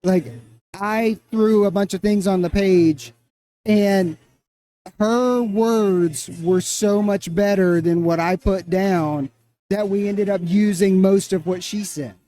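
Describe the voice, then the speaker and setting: A middle-aged man speaking as a guest in an interview, earnest and halting, often repeating phrases. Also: sits high, fairly even intonation, warm tone. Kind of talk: casual interview.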